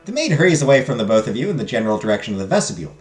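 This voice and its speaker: Man, game streamer, animated chatty narration, self-deprecating, roomy room sound, faint music. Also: mid-range voice, rapid-fire. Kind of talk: casual game commentary and narration.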